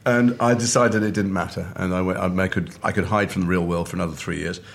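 Brief: middle-aged male actor from the north of England, low and quick, lively storyteller at a restaurant table, faint room ambience behind. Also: gravelly, a little hiss or hum. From north of England, Liverpool. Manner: animated storyteller who acts out quoted voices. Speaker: actor and guest. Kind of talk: casual chat over a meal.

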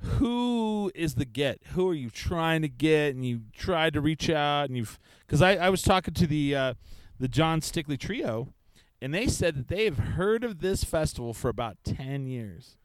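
Smooth-voiced man, quick rambling interviewer. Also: a little high, lively intonation, dry recording, poor audio. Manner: rambling, quick storytelling with fillers. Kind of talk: casual interview. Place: outdoor festival campground.

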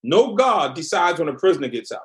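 A man speaking in a slightly high voice tells a story in an interview. His delivery is blunt and measured, with slow and deliberate phrasing. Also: sing-song. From Massachusetts. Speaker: guest, former prisoner.

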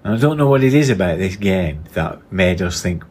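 A man's voice: low-pitched, expressive, normal speed, a little mellow, breathy edge. A middle-aged man with a northern English accent, co-hosting a casual podcast chat and steering it with questions. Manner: steering the talk with questions and tag questions. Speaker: podcast co-host.

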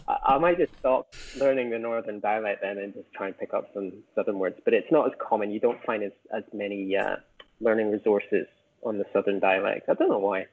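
A man's voice: on the low side, steady tone, normal speed, gravelly. A man from the UK, a podcast guest and author, chatting casually and rambling with many fillers and restarts. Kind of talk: casual chat. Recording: tinny phone-like call audio.

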